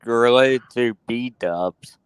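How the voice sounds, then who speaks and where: A man's voice: mid-range voice, very slow, clear, resonant tone, no room sound. A man making offhand remarks on a livestream call with friends. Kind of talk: casual group chat.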